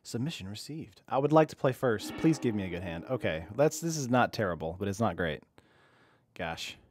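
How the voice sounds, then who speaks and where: A man's voice: fairly low pitch, darkish tone, no echo. A young man casually commenting while he streams an online card game, chatty and self-deprecating, reading viewers' chat aloud.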